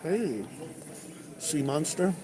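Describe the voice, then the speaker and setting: A man's voice: fairly high pitch, sing-song, drawn-out words, a crowd in the background. A man, a truck driver, chatting casually on a livestream, reading viewers' comments aloud over breakfast. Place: truck stop restaurant. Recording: noisy restaurant ambience.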